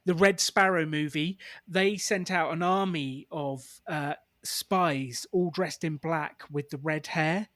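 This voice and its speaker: A man hosts a casual podcast chat, his voice a touch higher than most men's. He tells stories with an easy laugh, recorded close and dry with no room sound. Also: fairly even intonation, slow pace, hardly any pauses, fairly bright tone, no room sound. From England. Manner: chatty, laughs easily while telling anecdotes. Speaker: podcast host.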